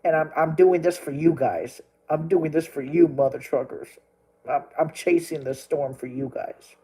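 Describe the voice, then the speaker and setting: A man's voice: a little high, moderate pace, dark tone, breathy edge, low-quality recording. A young man from Texas, a storm chaser vlogging, rambling emotionally and crying as he repeats himself. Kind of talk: emotional vlog rant.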